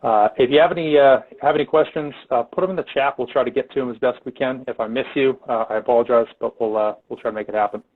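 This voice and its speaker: A male podcast host introduces his guest at a middle pitch, stalling on "uh" again and again. His voice comes through a narrow, tinny line, like a phone call. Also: steady tone. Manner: halting, many "uh" fillers.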